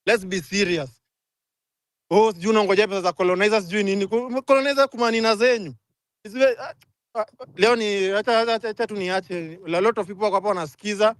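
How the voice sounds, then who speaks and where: A young Kenyan man ranting angrily in a live audio chat, switching fast between languages. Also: high voice, steady tone, no echo. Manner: angry, rapid code-switching rant. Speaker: speaker in a live audio room.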